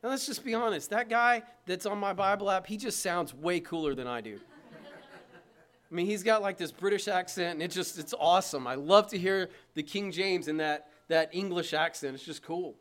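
A man's voice: high voice, moderate pace, fairly bright tone. A man preaching a sermon from the pulpit, emphatic and conversational, with asides to the congregation. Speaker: pastor. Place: church.

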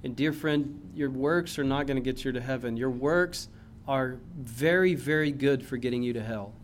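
A man preaching a sermon in a church, impassioned, swinging from loud emphasis to low earnest tones. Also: normal speed, a little hiss or hum. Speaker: pastor.

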